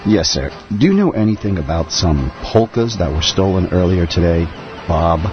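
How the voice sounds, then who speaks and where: An actor playing a deadpan male noir detective with a Brooklyn accent, formal and polite, in a comedy radio play. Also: deep voice, moderate pace, noisy background. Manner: deadpan, formal, sir-ending. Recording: slightly muffled recording.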